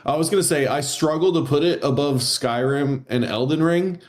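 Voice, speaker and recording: Hesitant man thinking out loud. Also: on the high side, moderate pace. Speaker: podcast co-host. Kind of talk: casual chat.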